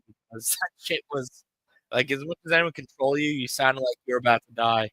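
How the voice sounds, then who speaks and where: A man's voice: medium pitch, a little fast, pushed and bright, dry recording, low-quality recording. A man on a live stream, ranting in a rambling, profane, emphatic way to his chat. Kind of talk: casual live-stream rant.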